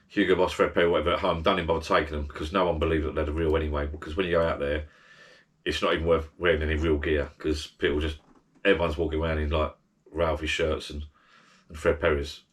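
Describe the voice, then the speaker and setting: A travel vlogger with a low, slightly bright voice chats casually about holidays. His advice rambles, full of restarts and side comments.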